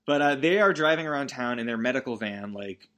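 A man's voice: medium pitch, lively intonation, a little fast, a bit bright. A man hosting a comedic movie recap, talking in a rambling, self-interrupting, joking way.

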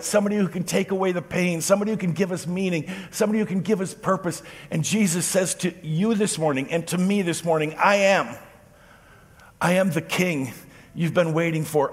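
A man preaching a sermon as pastor, animated and expressive, acting out quoted lines as he speaks. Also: on the high side, breathy edge, long reverb tail.

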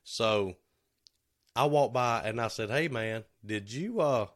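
A man's voice: medium pitch, slow, a bit bright. A middle-aged man and podcast co-host in casual shop talk, telling stories and acting out what others said. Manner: storytelling, acts out quotes with laughs.

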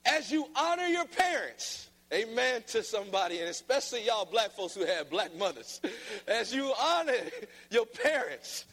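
A man preaching a sermon, playful and then emphatic, often mimicking flat reading voices. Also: high voice. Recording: long reverb of a large hall.

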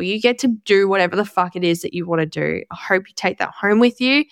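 Woman in her twenties, chatty and blunt, smooth voice, dry recording. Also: mid-range voice, a little fast, no echo. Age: 20s. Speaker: podcast host. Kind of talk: casual solo podcast monologue.

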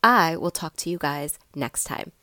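A woman in her thirties hosting a motivational podcast, with a stuffy, slightly raspy voice and an encouraging way of talking straight to her listeners. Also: deep voice, animated, unhurried. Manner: warm encouraging, addresses listeners directly. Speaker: podcast host.

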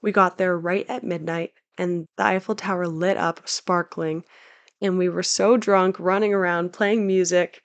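A woman's voice: fairly low pitch, steady tone, unhurried. A young woman talking through travel tips in a casual, upbeat, chatty way as a travel vlog host. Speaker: travel guide.

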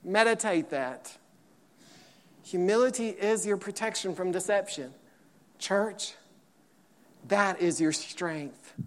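A man's voice: high voice, takes it slowly, long pauses. A middle-aged man preaching a fiery sermon as a pastor, calling out to his congregation. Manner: fiery, preaching loudly with call-and-response. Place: church sanctuary. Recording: long reverb of a large hall.

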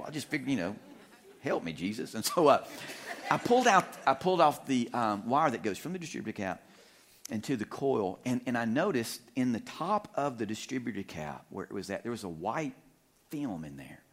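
A middle-aged man preaching in a church, telling a humorous story with animated, self-deprecating delivery and frequent chuckles. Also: mid-range voice, fairly quick. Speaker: guest preacher. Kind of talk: storytelling sermon. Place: church sanctuary.

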